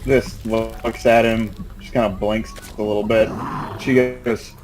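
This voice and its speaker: Slow, halting man narrating role-play. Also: fairly low pitch, level tone, darkish tone, slight background noise, low-quality recording. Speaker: player narrating his character. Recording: game music playing behind.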